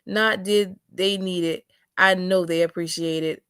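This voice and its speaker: A woman's voice: lowish voice, steady tone, a little slow, fairly bright tone, smooth, no echo, studio quality. A young adult woman hosting a casual livestream, reading chat comments aloud with sassy drawling asides.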